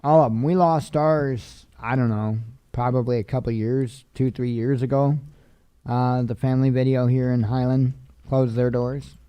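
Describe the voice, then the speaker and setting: A man's voice: mid-range voice, steady tone, a little slow, clean tone, dry recording, highs cut off. A tired man reading news headlines aloud and adding offhand casual comments. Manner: tired, yawning, offhand asides.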